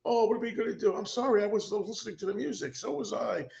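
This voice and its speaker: A man's voice: high voice, animated, fast talker, vocal fry, darkish tone, lo-fi sound, voice pushed up, exaggerated voice. A man voicing his flustered girlfriend, a young woman panicking and fretting in a whiny, frantic way. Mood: panicked.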